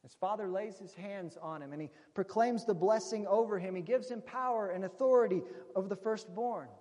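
A man with a high, brisk, slightly mellow voice preaches a sermon, retelling a story conversationally and addressing his listeners as friends. The long reverb of a large hall surrounds him.

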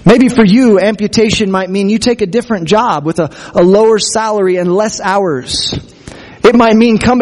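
A man's voice: high voice, darkish tone. A man preaching a sermon as pastor, earnest and conversational, speaking to his congregation. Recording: long hall reverb.

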